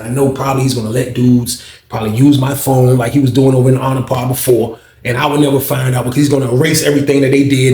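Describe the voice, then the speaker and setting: A man's voice: medium pitch, a little hiss or hum. A young man telling a rambling, slang-heavy story in casual storytime style, acting out the other people's lines. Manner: slangy, rambling, acts out quoted voices. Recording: echoey room.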